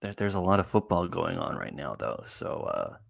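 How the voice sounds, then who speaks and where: A man's voice: low voice, sing-song, moderate pace, creaky. A man on a casual sports talk panel, speaking hesitantly with repeated words and many ums. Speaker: co-host panelist.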